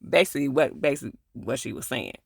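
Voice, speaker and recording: A man's voice: medium pitch, big pitch swings, fast talker, creaky, husky, no room sound, studio quality. A man casually retelling a TV episode, with loose, chatty asides. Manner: loose, conversational retelling with lots of filler asides. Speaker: TV episode reviewer.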